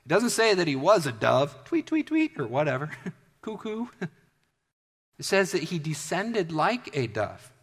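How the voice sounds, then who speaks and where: A male pastor preaching a sermon, swinging from loud emphatic bursts to hushed, almost whispered asides. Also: a little high, sing-song, normal speed, slightly rough, long reverb tail. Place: church hall.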